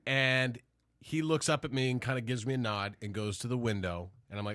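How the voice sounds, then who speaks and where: Animated, swearing male podcast storyteller. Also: medium pitch, fairly quick. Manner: animated storyteller, acts out voices, swears freely. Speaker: podcast host. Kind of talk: casual storytelling chat.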